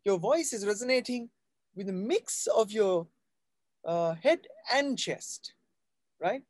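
A man's voice: high-pitched, expressive, slow, no echo. A man teaching a live voice class, explaining patiently and often checking in with his students. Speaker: voice coach.

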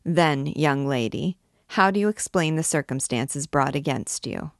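A woman reading aloud who voices a calm male interrogator with a falsely benevolent manner. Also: deep voice, no echo, studio quality. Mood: cool. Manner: measured, coolly benevolent. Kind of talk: audiobook reading.

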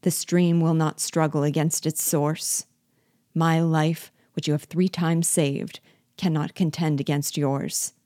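A woman voicing a gentle, loyal man who speaks softly and persuasively, slowly and without anger. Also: deep voice, flat delivery, no echo, clean studio sound. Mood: pleading. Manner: soft, persuasive, slow.

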